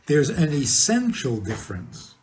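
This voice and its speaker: A man's voice: fairly high pitch, huge pitch swings, a little slow, darkish tone, a little hiss or hum. An older man, a rabbi, giving an informal talk to an audience, often asking questions and chuckling at his own points. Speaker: rabbi teaching.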